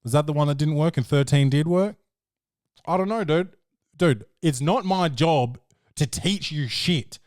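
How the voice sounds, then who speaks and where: In this casual film review chat, a man hosting a podcast sums up a movie with loud, crude humor. He speaks unhurriedly in a fairly high, somewhat dark voice. There's no room sound, and the audio is clean studio quality.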